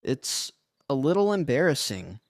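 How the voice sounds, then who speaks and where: A man's voice: medium pitch, sing-song, unhurried, vocal fry, dry recording, clean studio sound. A man voicing a shy, earnest teenage grandson in a scripted story.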